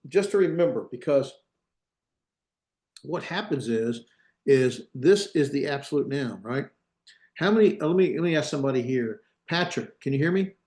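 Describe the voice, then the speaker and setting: A man's voice: medium pitch, a little mellow, echoey room. Man teaching grammar in an online class. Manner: thinking aloud, many restarts and fillers; plain-spoken, jokes about himself. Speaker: Biblical Hebrew instructor. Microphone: computer mic in a video class.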